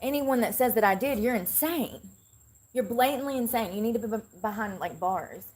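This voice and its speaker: A woman's voice: on the high side, lively intonation, moderate pace, darkish tone. A woman live-streaming an aggrieved, rambling rant into her phone. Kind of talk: ranting vlog monologue. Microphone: phone held for self-filming.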